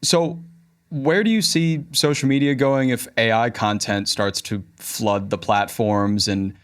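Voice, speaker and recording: A man's voice: mid-range voice, measured pace, smooth. A man hosting a business podcast, asking questions and closing the show in a friendly, upbeat way. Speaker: podcast host. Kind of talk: interview and show outro.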